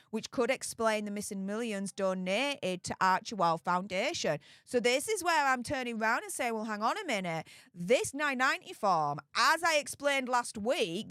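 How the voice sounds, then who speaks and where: A woman's voice: medium pitch, fairly bright tone, no echo, clean studio sound. A woman giving chatty, casual commentary on celebrity gossip and talking straight to her viewers. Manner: chatty, conversational, addresses viewers as guys. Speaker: YouTube royal gossip commentator.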